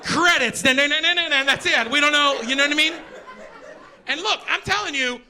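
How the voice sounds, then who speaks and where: A middle-aged male stand-up comedian, doing an energetic, profane, exasperated set on a live stage. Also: very high voice. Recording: live show with audience laughter.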